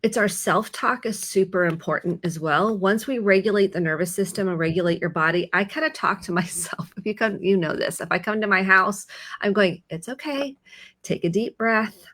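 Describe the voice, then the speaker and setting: A middle-aged woman therapist giving calm, reassuring advice in conversation, slowing down as she coaches. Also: mid-range voice.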